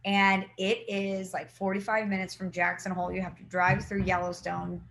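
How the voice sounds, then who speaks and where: Animated woman telling stories in casual chat. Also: mid-range voice, normal speed, creaky, a little hiss or hum. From Saint Louis, Midwest US. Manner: animated storytelling, acts out quotes. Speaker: podcast co-host.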